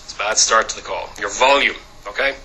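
Brisk, loud man lecturing. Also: on the low side, slight background noise, low-quality recording. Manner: brisk, peppers lines with "okay?". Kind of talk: training lecture.

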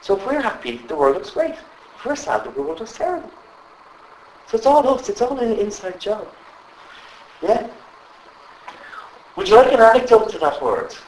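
Animated man leading a workshop. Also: high voice, normal speed, long pauses, distant mic, a little hiss or hum. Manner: animated, asks the audience constant questions. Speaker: trainer. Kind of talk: live workshop talk to a group. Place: training room with live audience. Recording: echoey room with faint ambience.

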